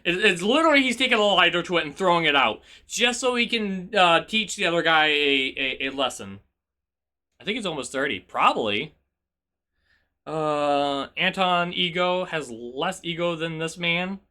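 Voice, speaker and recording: A male streamer rambles and teases his chat while he plays, with a high voice and a bright, sharp tone. His talk is loose and animated, full of restarts and playful jabs. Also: normal speed. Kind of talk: casual game-stream chat.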